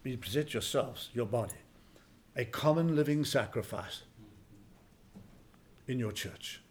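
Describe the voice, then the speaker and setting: A man in his sixties preaching a sermon as pastor, folksy and emphatic, swinging from quiet asides to loud exclamations. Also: medium pitch, lively intonation, unhurried. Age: 60s.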